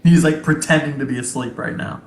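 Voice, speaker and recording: A man's voice: fairly high pitch, steady tone, brisk, echoey room, soft background music. A man acting as game master, talking loosely and chattily and laughing easily. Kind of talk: running a tabletop game.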